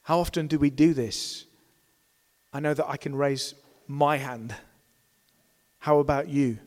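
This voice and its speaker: A man's voice: on the high side, steady tone, unhurried, a little mellow, long reverb tail. A man preaching a sermon, earnest, asking rhetorical questions and acting out the complaints of a crowd in raised tones.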